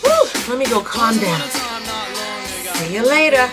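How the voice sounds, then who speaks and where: A woman vlogger telling a story-time tale in a casual, colloquial way, acting out her own reactions with animated drama and talking straight to her viewers. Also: on the high side, slow, loud music behind the voice. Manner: colloquial, addresses viewers directly.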